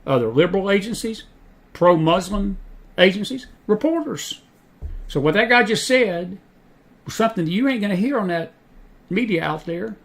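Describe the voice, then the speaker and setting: A man's voice: high-pitched, expressive, moderate pace, creaky, pauses often, a bit bright. A man from South Georgia with a Southern accent, hosting faith-based news commentary in a folksy, emphatic way that repeats key phrases. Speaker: host.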